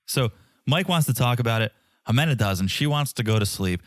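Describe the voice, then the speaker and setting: Animated joking man, lively pitch. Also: fairly quick, no echo, studio quality. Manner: animated and joking, acts out quotes. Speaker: podcast co-host. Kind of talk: casual chat recapping a reality show.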